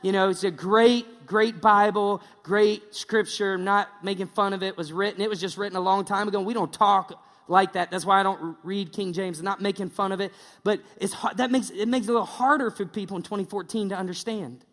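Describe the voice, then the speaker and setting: A man's voice: high voice, fairly even intonation, a little fast, few pauses, a bit bright, long reverb tail. A male pastor preaching a casual, joking sermon, slipping into mocking impressions.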